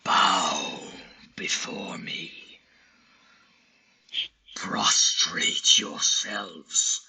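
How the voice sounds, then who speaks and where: A man voicing a menacing ancient creature that speaks in a haughty, breathy, hissing whisper. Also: deep voice, drawn-out words, sharp tone, exaggerated voice. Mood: commanding. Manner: haughty, contemptuous.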